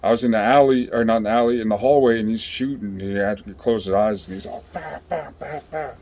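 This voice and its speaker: A man telling a story in a casual, rambling way, swearing a lot and filling pauses with ums and you-knows. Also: on the low side, fairly even intonation, a little mellow. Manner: rambling, profane, with many fillers.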